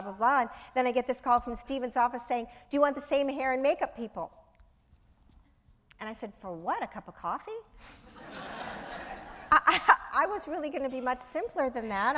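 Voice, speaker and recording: A woman in her sixties, an actress guest telling lively anecdotes with laughter in an onstage interview. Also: mid-range voice. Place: large auditorium. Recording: long hall reverb.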